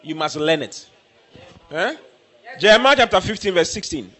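A man preaching a sermon, emphatic and repetitive, breaking into shouts. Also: high voice, animated, normal speed, long pauses.

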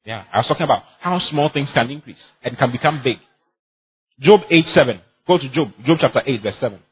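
A man's voice: mid-range voice, animated, brisk, breathy edge, narrow, tinny audio. A man preaching a sermon as pastor, emphatic and repetitive, often laughing as he speaks.

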